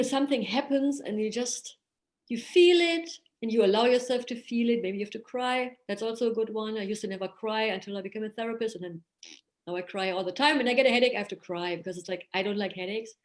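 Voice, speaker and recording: A woman's voice: on the high side, quick pace, echoey room. A woman therapist from Germany, talking earnestly and animatedly in a casual podcast conversation.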